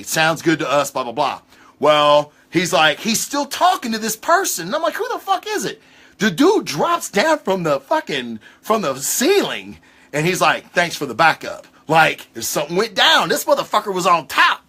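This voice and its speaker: A man hosting a casual livestream comic book review, talking in an excitable, rambling way with lots of swearing. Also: high-pitched. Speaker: comic book show host.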